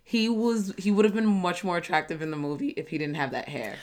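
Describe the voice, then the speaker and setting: A woman's voice: lowish voice, fairly even intonation, brisk, darkish tone. A young adult woman co-hosting a podcast, chatting casually in a dry, matter-of-fact way. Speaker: podcast co-host. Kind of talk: casual chat.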